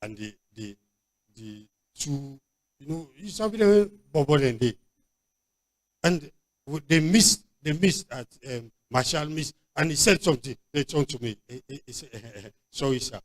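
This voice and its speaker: In a church convention hall, a Nigerian-accented man preaches as pastor, emphatic and repetitive, frequently stopping and restarting. His voice is a little high, with lively intonation and an unhurried delivery.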